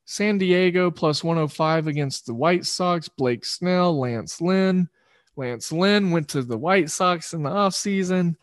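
A man's voice: fairly high pitch, slow pace, no echo. Casual man talking sports bets, dry mic. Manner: loose, rambling, self-correcting. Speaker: sports betting show host. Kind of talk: casual sports betting talk.

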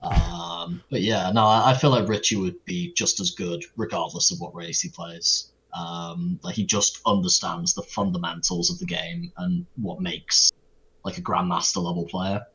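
A British man with a low, slightly husky voice answers questions in a casual interview with dry, wry humour. His audio sounds a little dull and lo-fi. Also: normal speed, fairly bright tone. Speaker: podcast guest, streamer.

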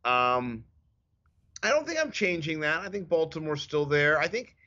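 Guy in his 30s hosting a podcast, bright punchy voice, kinda dull lo-fi sound, animated storyteller. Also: fairly high pitch, normal speed. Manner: animated storytelling, self-mocking. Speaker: podcast co-host. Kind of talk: casual chat.

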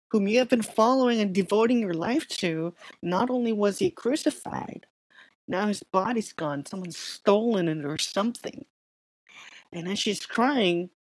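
Woman preaching like she's just chatting, slow, kinda low voice. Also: dry recording, poor audio. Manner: conversational and storytelling, with filler words and restarts. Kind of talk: sermon.

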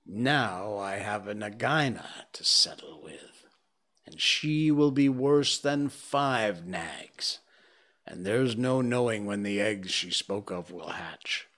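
A storyteller man gives voice to a fierce young mongoose from a storybook, brisk and impatient with his friends. His delivery is slow and deliberate, yet the pitch swings widely. He is set on a fight and wastes no words. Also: lively intonation, fairly bright tone, exaggerated voice. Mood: determined. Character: brave young male mongoose, fierce and practical.

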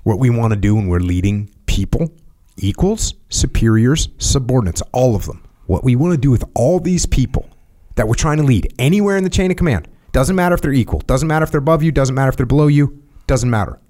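A man's voice: mid-range voice, lively intonation, brisk, warm tone. A middle-aged man hosting a podcast, giving leadership advice in a casual, emphatic way and repeating his points to drive them home. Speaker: podcast host.

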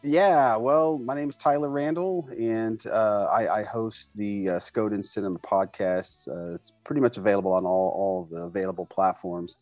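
A man's voice: fairly low pitch, moderate pace, hardly any pauses, no room sound, soft background music. A man from Oklahoma, a guest and teacher, talking casually in an interview with lots of fillers and restarts. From Tulsa, Oklahoma. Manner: relaxed and rambling with frequent fillers and restarts. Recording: slightly dull lo-fi audio.

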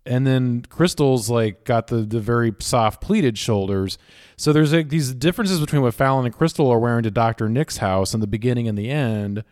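A man's voice: medium pitch, moderate pace, a little mellow, dry recording, studio quality. A man co-hosting a podcast, talking through a topic in a thoughtful, analytical way with plenty of "like" and "um". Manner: thoughtful, lots of fillers, analytical about costumes. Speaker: podcast co-host. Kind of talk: casual podcast discussion.

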